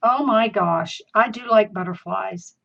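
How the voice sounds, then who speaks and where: A woman's voice: medium pitch, measured pace, vocal fry, fairly bright tone, a little hiss or hum. A woman with a Southern accent chatting folksily through a live crafting demonstration. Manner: chatty, folksy, easily laughing. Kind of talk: live-streamed craft tutorial. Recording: dull lo-fi stream audio.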